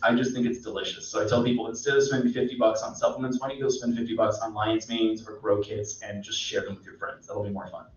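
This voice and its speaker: A man, a mycologist guest, explaining in a relaxed, rambling way with many fillers. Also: mid-range voice. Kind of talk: casual explanatory chat. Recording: echoey, distant, dull sound.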